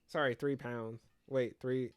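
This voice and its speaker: A man's voice: medium pitch, steady tone, a little slow, smooth. A young man co-hosting a podcast in casual chat, rambling and jokey, often correcting himself mid-sentence. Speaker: podcast co-host.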